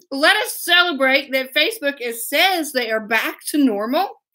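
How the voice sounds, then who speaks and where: A woman hosting a live web show, greeting viewers by name in a bubbly, excitable way and laughing often. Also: sits high, normal speed. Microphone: laptop mic.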